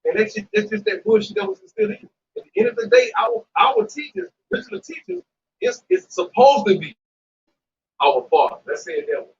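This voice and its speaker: Brief: blunt, preachy man, high and swooping voice, recorded from afar and muffled. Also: huge pitch swings, fairly quick, vocal fry. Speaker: Hebrew Israelite member discussing scripture. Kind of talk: casual religious discussion. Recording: distant dull mic with faint noise.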